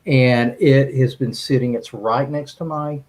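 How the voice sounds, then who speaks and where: A man's voice: mid-range voice, steady tone, unhurried, darkish tone, rough recording. A man telling a rambling, enthusiastic story as a guest on a video call, with frequent restarts. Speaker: guest, music streaming executive.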